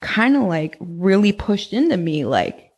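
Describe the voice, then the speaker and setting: A woman's voice: mid-range voice, big pitch swings, unhurried, breathy edge. A young woman from Northern California telling her own story in casual conversation, rambling and swearing, with lots of "like". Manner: rambling, heavy use of "like", frequent swearing. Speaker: podcast guest recounting experiences.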